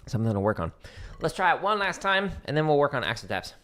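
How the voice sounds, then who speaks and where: A man leading a casual drum practice live stream, chatty and relaxed, explaining exercises and counting out patterns. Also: on the high side, fast, heavy background noise.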